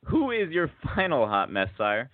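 A man's voice: mid-range voice, huge pitch swings, normal speed, no room sound, narrow, tinny audio. Teasing male podcast host, dry phone sound. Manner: joking, teasing interviewer. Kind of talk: casual podcast chat.

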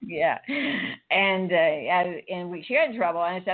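A woman's voice: lowish voice, normal speed. A middle-aged woman hosting a casual spiritual chat, rambling and laughing often. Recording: phone-like narrow audio.

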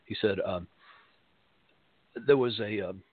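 A man's voice: on the low side, slow, no echo, phone-quality sound. A man, a pastor and show host, giving a spiritual talk and telling stories in a rambling way, repeating phrases for emphasis.

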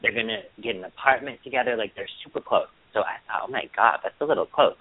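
A man co-hosting a casual podcast, telling a story in long rambling turns and acting out quoted lines in a high mocking voice. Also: lively intonation, fast talker, gravelly, slightly rough. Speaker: podcast co-host. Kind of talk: casual chat. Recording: dry, tinny phone-line sound.

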